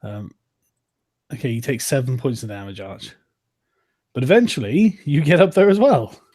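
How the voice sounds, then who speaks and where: A man narrating as game master of a tabletop game, laying out scenes in a relaxed, easygoing way with plenty of fillers. His voice is mellow and warm, with a slightly husky edge. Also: mid-range voice, normal speed.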